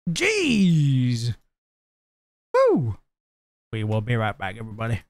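A man's voice: a little high, very animated, normal speed, dry recording. A man chatting casually with his live viewers, joking and laughing often. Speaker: livestreamer.

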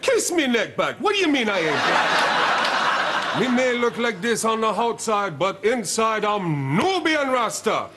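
A man's voice: high voice, sing-song, measured pace. An actor playing a white man who fakes Jamaican patois slang, brash and laughing, before a studio audience. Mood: swaggering. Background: crowd noise and laughter.

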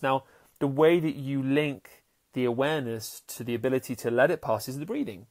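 Brisk and darkish in tone at a medium pitch, a man who coaches happiness and hosts a podcast talks earnestly off the cuff. He tends to repeat his words and act out voices within stories.

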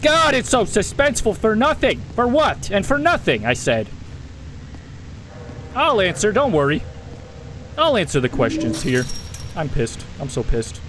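Young man, game streamer, high voice, very animated, profane, self-talking, faint background noise. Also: a little slow, pauses often, low-quality recording. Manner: animated, jumpy, swearing freely, talking to himself. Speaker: gaming streamer. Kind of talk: live gameplay commentary.

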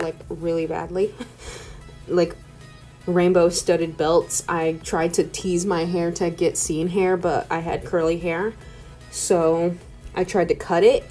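A young woman in her twenties chats her way through a casual home voice-over, rambling from one thought to the next with "like" everywhere. Her voice sits a bit low and sounds mellow and warm. Faint music plays softly underneath. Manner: chatty, rambling, full of "like" fillers. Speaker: art YouTuber. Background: faint background music.

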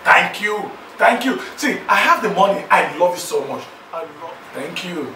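An actor playing a boastful, newly rich man who sweet-talks several girlfriends on the phone, excited and laughing. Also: sits high, normal speed, reverberant, distant mic, slight background noise, heavily acted, low-quality recording. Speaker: lead character in a film. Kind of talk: Nollywood film acting.

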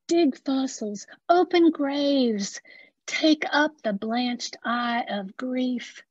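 A woman with an Appalachian accent performing spoken-word poetry, slow and deliberate with dramatic pauses. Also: on the high side, no room sound, muffled recording. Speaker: poet.

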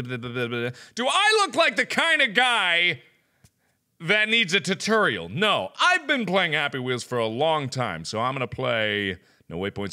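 A young man giving loud, jokey let's-play commentary, swinging between deep mutters and high yelps. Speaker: gaming video host.

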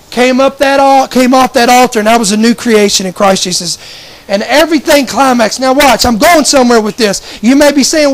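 A man preaches a fervent testimony, and his voice sits very high for a man. He talks with raw emotion and circles back over his words, restarting phrases as the feeling builds. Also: a bit bright, rough recording. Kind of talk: testimony sermon.

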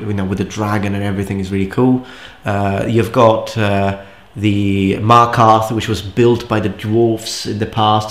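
While playing a game, a man acting as co-player and commentator chats casually, explaining things at length and laughing often. His voice is lowish, and the room sounds echoey.

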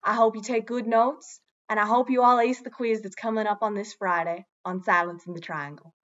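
A woman's voice: mid-range voice, fairly even intonation, fairly quick, fairly bright tone, close to an everyday voice. A young woman playing a self-important, fussy teacher of the triangle in an improvised mockumentary, lecturing with earnest pomposity. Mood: pompous. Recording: dull lo-fi recording.

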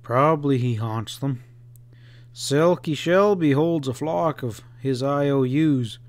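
Man reading a young railroad engineer, terse, bristling, slow delivery. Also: medium pitch, no room sound, lightly acted. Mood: explaining. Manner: terse and defensive, quick to bristle. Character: tall young proud male railroad engineer. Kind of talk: audiobook character reading.

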